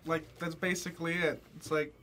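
A young man chatting casually as a co-host, animated and quick to exclaim, often repeating words. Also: a little high, a little hiss or hum. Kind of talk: casual chat.

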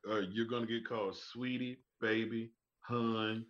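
A man in his forties with a Southern US accent, telling lively stories as a podcast guest and mimicking other people's voices. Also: mid-range voice, measured pace. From Birmingham, Alabama. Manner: animated storyteller, mimics voices. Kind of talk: casual interview chat. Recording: dull lo-fi audio.

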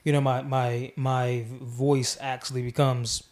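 A man's voice: mid-range voice, flat delivery, a little slow. A man hosting a casual podcast, talking in a rambling way with many fillers and restarts. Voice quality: mellow. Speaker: podcast host.

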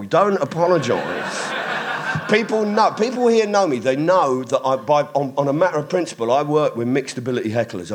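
A man doing stand-up at a live club gig, swearing often, shouting out to the crowd and riffing with hecklers. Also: fairly high pitch. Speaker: stand-up comedian. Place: live music club with audience.

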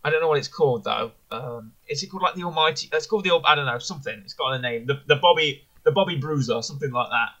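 His voice is on the high side, bright and forceful, racing along fast with hardly any pauses, though the audio is dull. He's a podcast co-host chatting casually about wrestling reviews, rambling eagerly and correcting himself mid-stream.

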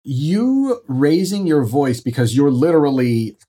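A man co-hosting a parenting podcast, telling family stories in a casual, lively way. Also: on the high side, measured pace, breathy edge. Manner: storytelling, lively, hesitant with fillers. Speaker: podcast co-host.

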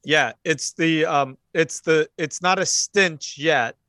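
A man running a tabletop horror game as game master, in relaxed, halting narration with many fillers. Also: fairly high pitch, no echo, clean studio sound.

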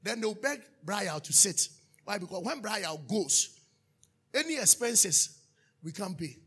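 A pastor preaches with a high, gravelly voice that has a husky edge. He bursts into shouts and then drops to hushed asides. His tone is bright and sharp throughout. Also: big pitch swings, measured pace. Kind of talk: sermon.

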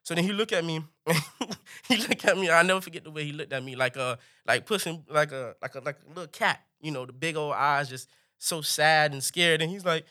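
A man telling a comic story in an animated way, jumping high in pitch for punchlines. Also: brisk.

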